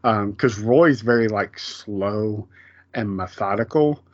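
A man's voice: lowish voice, takes it slowly, no room sound. A man co-hosting a casual podcast, talking loosely with plenty of fillers and easy laughter. The recording is dry and a bit dull, with little room sound. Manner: chatty, laughs often, many fillers. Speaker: podcast co-host. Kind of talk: casual chat.

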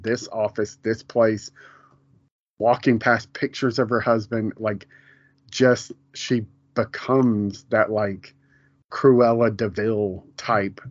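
A man's voice: lowish voice, dry recording. A man co-hosting a casual podcast chat about a TV show. He rambles, restarts often and laughs a lot. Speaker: podcast co-host. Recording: dull, lo-fi home podcast audio.

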